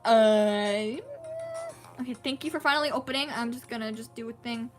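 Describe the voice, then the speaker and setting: A woman's voice: on the high side, moderate pace, soft background music. A young woman chatting casually to viewers during a game livestream, rambling and apologetic, from home. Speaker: streamer.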